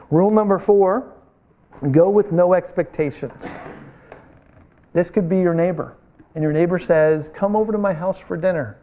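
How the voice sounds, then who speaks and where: A man teaching a missions class, telling animated stories and acting out the voices of the people in them. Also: a little high. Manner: animated storytelling, acts out voices in quotes.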